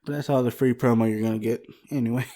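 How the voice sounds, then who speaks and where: A man's voice: medium pitch, fairly even intonation, fast, mellow. A man co-hosting a casual podcast, telling history in an easygoing way and laughing often, at a desk microphone. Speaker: podcast co-host.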